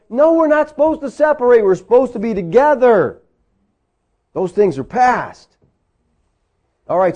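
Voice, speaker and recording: A man's voice: high-pitched, mellow. A man preaching a sermon, conversational and full of rhetorical questions. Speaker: pastor.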